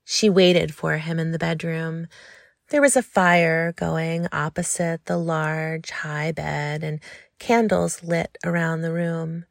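A woman reading an intimate story aloud in a slow, hushed, lingering way. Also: low-pitched, fairly even intonation, vocal fry, dry recording, clean studio sound. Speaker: narrator.

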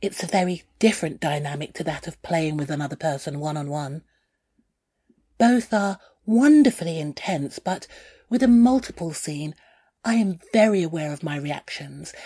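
A woman reading her own first-person memoir aloud in a candid, unhurried storytelling manner. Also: fairly low pitch, a little mellow, husky, no room sound. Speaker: narrator.

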